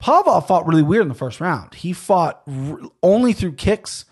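Podcast host, man, loose rambling delivery, a touch higher-pitched than most. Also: very animated, normal speed, darkish tone, breathy edge. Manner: rambling, chatty, frequent fillers and restarts. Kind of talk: casual solo podcast talk.

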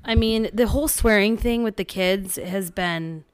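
A woman's voice: mid-range voice, measured pace, clean tone. Chatty swearing woman. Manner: swears freely, animated retelling of stories. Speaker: podcast co-host. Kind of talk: casual chat.

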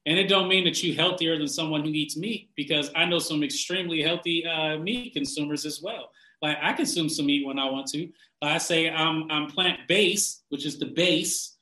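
A man with a bright, fairly high voice rants bluntly about diet and the people who preach it, swearing in every breath. He laughs often and gets animated when he mocks someone. The room around him is echoey. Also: normal speed. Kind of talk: casual profane rant.

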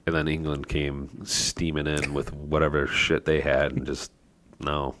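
A man's voice: extremely low pitch, little pitch movement, a little slow, a bit bright. A man in his thirties, a podcast co-host, chatting casually in a sarcastic, joking way with frequent laughs. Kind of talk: casual chat.

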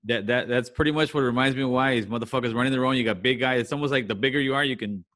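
A man's voice: mid-range voice, rapid-fire, fairly bright tone. A man hosting a casual interview, affirming the guest and asking probing questions in profane speech. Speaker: host.

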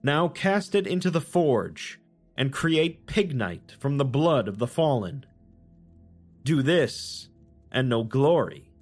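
Male narrator as a radiant broken deity; grand, imperious, slow and ritual. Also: mid-range voice, sing-song, soft background music. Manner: grand, commanding, chant-like repetition.

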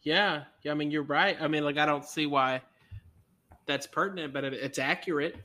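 Bright-voiced laid-back podcast man. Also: fairly high pitch, steady tone, moderate pace. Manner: laid-back, swearing, laughs easily. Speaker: podcast co-host. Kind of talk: casual chat.

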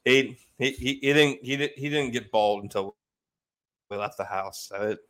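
A man co-hosting a podcast, talking in a casual, rambling and animated way. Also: medium pitch. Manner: animated, rambling, quick asides. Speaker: podcast co-host. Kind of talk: casual chat.

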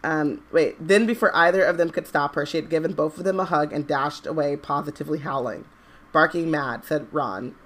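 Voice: mid-range voice, brisk, few pauses, a bit bright. A co-host on a casual book podcast, reading a passage aloud steadily and adding wry asides.

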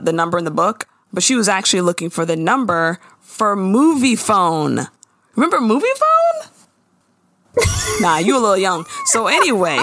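A woman's voice: fairly low pitch, dry recording, studio quality. A woman co-hosting a podcast, recapping a show in casual, slangy, laughing conversation. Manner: animated, laughing, slangy storyteller. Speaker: podcast co-host.

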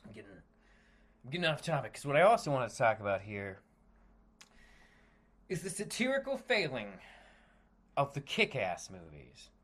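Man from the US on a solo podcast, lively swinging pitch, profane animated rant, stumbles and restarts. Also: normal speed, long pauses. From United States. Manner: animated, profane ranting with frequent swearing; trails off into self-corrections and restarts. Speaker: podcast host.

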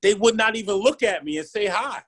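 Guest, man, 30s. Husky, slightly high, animated storyteller. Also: brisk. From Philadelphia, USA. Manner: animated, keeps asking "right?", acts out quotes. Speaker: podcast guest. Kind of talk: casual interview storytelling.

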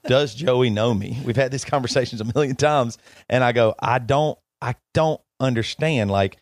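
A man's voice: mid-range voice, moderate pace, dry recording, studio quality. A man co-hosting a podcast, emotional and pleading as he argues with a friend and talks over him. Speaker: podcast co-host. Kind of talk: heated argument between friends.

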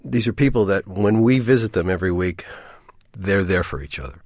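Deep-voiced TV writer, dry sound. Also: male voice, brisk, darkish tone, no echo. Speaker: TV writer, interviewee. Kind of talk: interview.

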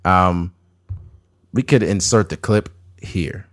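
A man's voice: deep voice, slow pace. Blunt, profane man in his thirties. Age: 30s. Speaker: podcast host. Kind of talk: casual chat.

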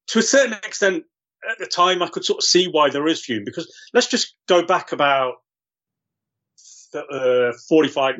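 A man's voice: a little high, a bit bright, dull audio. A man, a podcast guest, chatting casually about football and pressing his point insistently.

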